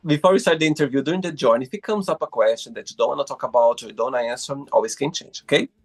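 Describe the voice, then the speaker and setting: A man's voice: mid-range voice, rapid-fire. A man hosting an interview show over a video call, encouraging his guest and reading out questions with slightly uneven phrasing. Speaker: host. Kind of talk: interview host.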